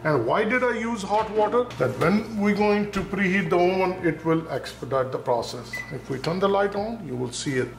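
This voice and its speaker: A cooking channel host walks viewers through each step, narrating the times and repeatedly warning them to be careful in a home kitchen. His gravelly voice sits high, is expressive, and moves at a moderate pace with few pauses. The room is echoey, with faint noise.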